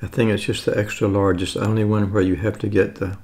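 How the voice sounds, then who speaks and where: This is a casual food-tasting vlog from a man in his seventies from the United States who rambles, chats, and self-corrects. His lowish, darkish voice keeps a level tone and moves at a quick pace.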